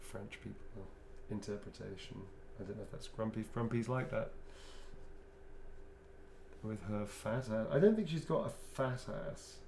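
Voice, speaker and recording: His voice sits on the low side with some vocal fry, moving at a moderate pace. He's a middle-aged actor guest chatting loosely and laughing often while signing autographs, in a room with echo and a faint hum.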